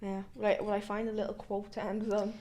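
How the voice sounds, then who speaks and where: A young woman from Ireland with a Dublin accent, co-hosting a podcast and telling a story in a casual, animated way with plenty of swearing. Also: medium pitch, fast. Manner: animated, swears freely, acts out voices in her story. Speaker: podcast co-host.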